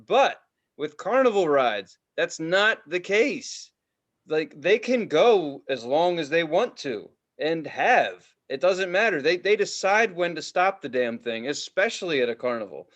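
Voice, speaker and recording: A man in his thirties, hosting a casual podcast and telling a story with loud voices and plenty of swearing. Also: fairly high pitch, measured pace, dull audio. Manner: animated, profane, does loud voices in his stories. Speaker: podcast host.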